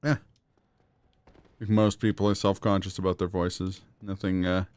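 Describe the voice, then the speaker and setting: Man, gaming stream chat, fairly low voice, dry close mic, laughs a lot. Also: little pitch movement, moderate pace, darkish tone, no echo. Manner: laughs often, rambling anecdotes.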